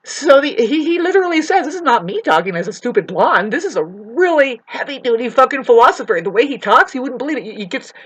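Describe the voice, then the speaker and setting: A woman vlogger talks straight to her viewers in a rambling, profane rant, plainly agitated. Her voice sits a little high and swoops widely between low mutters and sharp outbursts. She swears often and jumps from one thought to the next. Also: very animated, fast talker, hardly any pauses, slightly rough, rough recording. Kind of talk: ranting monologue to camera.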